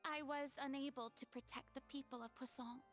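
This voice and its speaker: A woman's voice: high voice, steady tone, fairly quick, faint music behind, close to an everyday voice. An actress voicing a proud, theatrical young female deity in a game cutscene, speaking in a dramatic, declamatory stage manner. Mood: contrite.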